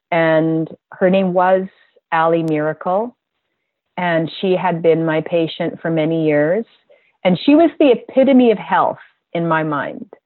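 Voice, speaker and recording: A woman health practitioner telling a heartfelt story about a patient in a gentle, earnest way. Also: fairly low pitch, no echo. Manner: slow, gentle and earnest, emotional at times. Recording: tinny phone-like line, dry.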